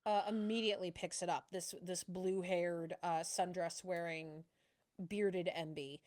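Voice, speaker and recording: A woman narrating as game master for a tabletop role-playing game, animated and quick to laugh, with lots of fillers. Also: fairly low pitch.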